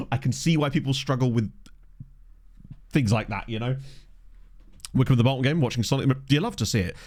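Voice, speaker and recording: Speaking briskly with frequent pauses, this man has a mid-range, somewhat dark voice. He's a gaming streamer chatting loosely with his audience over a game, wandering off topic and running himself down, captured on a desk condenser microphone.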